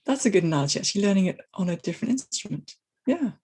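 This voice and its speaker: A woman speaking as an interview guest about coaching software teams, thoughtful and given to restarts as she works through her ideas. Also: mid-range voice, expressive, rapid-fire, husky. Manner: thoughtful, talks in restarts and hedges. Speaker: guest, technical agile coach. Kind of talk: casual interview conversation.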